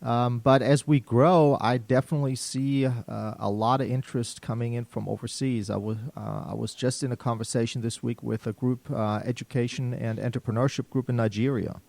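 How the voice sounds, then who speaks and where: A man's voice: mid-range voice, a little fast, creaky, few pauses, no room sound. German-accented man hosting radio, dry sound. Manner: relaxed, many fillers and restarts. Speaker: radio show host. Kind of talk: casual radio talk. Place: radio studio.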